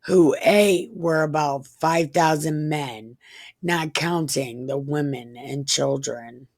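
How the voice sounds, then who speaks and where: A woman giving an irreverent comedic Bible reading, mixing deadpan recitation with crude joking asides. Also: sits low, takes it slowly, dry recording. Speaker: comedic scripture reader.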